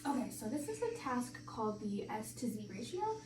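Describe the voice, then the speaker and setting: A woman working as a speech-language clinician who gives clear, encouraging instructions and explains the tests. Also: fairly high pitch, sing-song, normal speed, noisy background. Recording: roomy audio from a distant mic.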